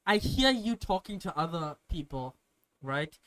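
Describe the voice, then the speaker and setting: A young man from Botswana co-hosts a casual podcast. His voice is bright and forward. He tells loose stories full of fillers and swearing. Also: a little high, very animated, a little slow. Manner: swearing, storytelling with lots of fillers. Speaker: podcast co-host. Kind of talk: casual chat.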